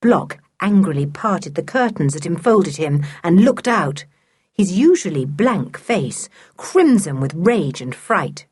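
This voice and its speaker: Brief: an animated female audiobook narrator with a husky voice. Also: on the low side, slow. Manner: lively storytelling. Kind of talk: scripted narration.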